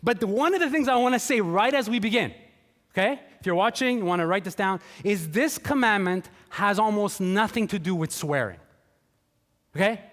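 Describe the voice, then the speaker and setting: A man's voice: sits high, animated, moderate pace, fairly bright tone. A man preaching a sermon in a chatty, joking way, acting out quotes in playful voices. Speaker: pastor. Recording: long hall reverb.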